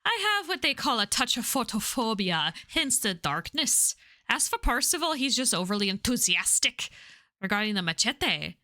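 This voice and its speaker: A woman voicing a menacing middle-aged male Irish gang boss with a put-on Irish accent, in a slow, mock-sinister drawl. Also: fairly high pitch, very animated, bright, forceful tone, no echo, clean studio sound.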